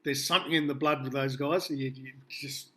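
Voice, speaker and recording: Bright-voiced Australian man telling stories. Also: medium pitch, steady tone, brisk. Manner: rambling, laughing storyteller with many fillers. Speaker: musician guest. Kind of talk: casual anecdote telling.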